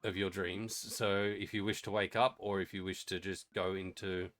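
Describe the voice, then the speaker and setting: A man's voice: low voice, level tone, normal speed, fairly bright tone. A man narrating as game master in a casual, rambling way full of fillers.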